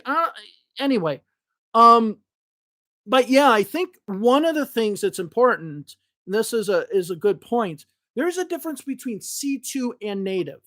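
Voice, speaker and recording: A man's voice: sits high, fairly bright tone. A man from Chicago with a Northwest suburban Chicago accent, hosting a podcast as an English teacher in casual, blunt and profane chat that rambles with restarts. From Chicago, United States.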